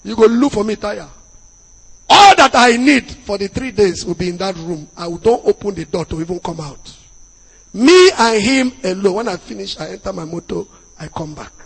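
A man with a Nigerian accent preaching as a pastor, dropping into Pidgin asides and bursting into loud emphasis. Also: high voice, expressive, moderate pace, vocal fry, husky. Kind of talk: sermon. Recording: long hall reverb.

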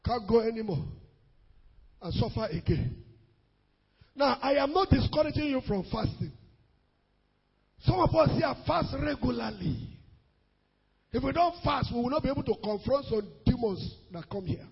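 A man preaching a sermon as pastor, rising into sung and shouted emphasis. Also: very high voice, very animated, normal speed, long pauses, slightly rough, big-room sound, muffled recording.

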